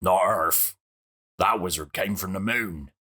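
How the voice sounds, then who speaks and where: A man's voice: low voice, a little slow, sharp tone, slightly rough, heavily acted. A man playing a self-important actor who delivers warnings and keeps repeating his own name. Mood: grave.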